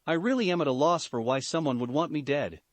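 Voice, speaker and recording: A man's voice: on the high side, fast talker, dry recording, lightly acted. A man voicing a polite, mild-mannered teenage schoolboy who stays unflappable.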